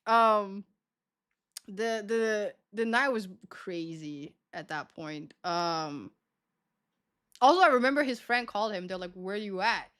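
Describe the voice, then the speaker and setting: Woman, streamer, casual live chat, giggly, swooping pitch, slow talker. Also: expressive, fairly bright tone, clean tone. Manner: giggly, laughs often between words.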